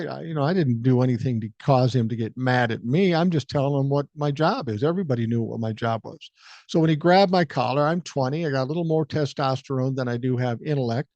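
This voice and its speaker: A man's voice: medium pitch, darkish tone, no room sound. An older man with a Minnesotan accent hosting a solo podcast, telling a profane story and acting out the quotes. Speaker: podcast host. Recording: dry, slightly dull podcast mic.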